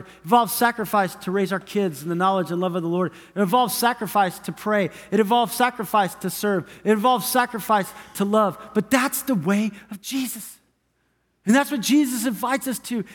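High-voiced preaching pastor, reverberant hall. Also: male voice. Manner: emphatic, repetitive preaching cadence. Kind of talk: sermon. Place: church sanctuary.

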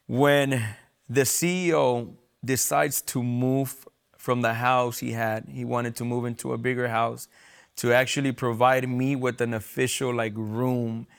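A man's voice: mid-range voice, little pitch movement, measured pace, creaky, smooth. A young man from San Diego sharing a personal testimony in an earnest storytelling way, stumbling over repeated words at times. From San Diego, USA. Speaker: testimony guest.

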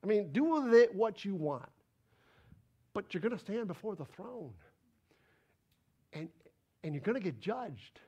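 A man preaching a sermon, animated and emphatic, repeating words for stress. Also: sits high, husky. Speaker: pastor.

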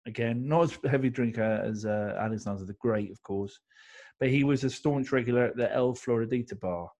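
A man's voice: mid-range voice, brisk, darkish tone. Chatty man telling cocktail history. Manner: rambling, jokey storytelling with many fillers. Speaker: co-host. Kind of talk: casual podcast chat.

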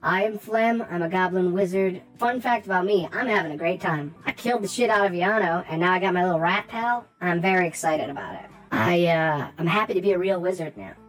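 A woman's voice: fairly low pitch, fairly quick, hardly any pauses, soft background music, close to an everyday voice, rough recording. A woman playing Flem, a crude goblin wizard. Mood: smug. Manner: crude, brash, dismissive.

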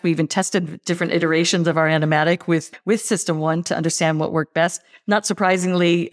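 American woman, enthusiastic, slightly low pitch, conversational interview. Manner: upbeat, enthusiastic, says "look" often. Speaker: tourism marketing executive.

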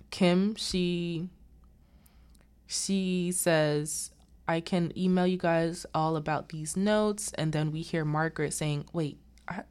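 Low, slow-talking woman recapping a film. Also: smooth. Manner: animated retelling with quoted dialogue. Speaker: movie recap host. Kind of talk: casual movie recap.

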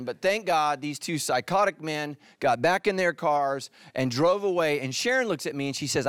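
A middle-aged male pastor from California giving a sermon, full of jokes and stories, who drops to a hushed voice for emphasis. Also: a little high, animated, moderate pace, few pauses, clear, resonant tone, no room sound, clean studio sound. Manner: humorous storytelling, drops to hushed tones for emphasis.

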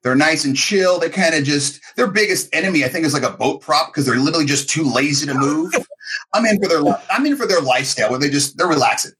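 A middle-aged man with a husky, slightly breathy voice that sits a little higher than most men's. He tells his story in an animated, self-mocking way and acts out the quotes as he goes. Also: fast talker. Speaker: podcast co-host. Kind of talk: casual storytelling chat.

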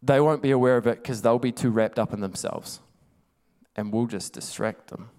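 A man's voice: mid-range voice, normal speed, darkish tone. A male preacher giving a sermon, emphatic and conversational, telling stories.

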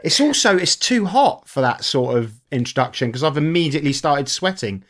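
A man's voice: on the high side, big pitch swings, a little fast. A male podcast co-host in easy, casual conversation. He is playful and chatty, and his talk is dotted with hesitant fillers as he steers the chat toward the guest.

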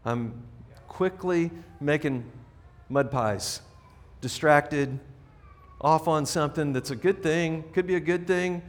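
A man's voice: a little high, slow. Earnest middle-aged male pastor preaching. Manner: earnest, conversational preaching with frequent restarts. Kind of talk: sermon. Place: church sanctuary.

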